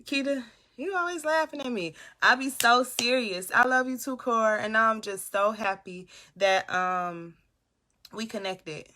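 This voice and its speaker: A woman's voice: on the high side, measured pace, sharp tone, slight background noise. A young woman hosting a casual live stream from her room, chatting and reading viewers' comments aloud. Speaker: motivational livestream host. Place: home room.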